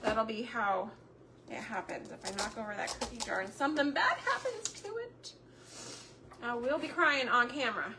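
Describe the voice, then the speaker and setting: A middle-aged woman chatting casually on a homemaking livestream, searching for words between fillers, her throat a bit hoarse. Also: a little high, animated, moderate pace, noisy background. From Texas. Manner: chatty, warm Southern drawl with frequent fillers and word searches.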